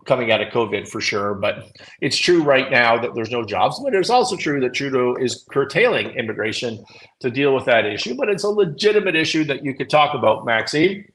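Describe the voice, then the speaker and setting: Male morning-show host, mid-pitched, blunt opinionated commentary, animated, swears freely. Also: fairly quick, low-quality recording. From Canada.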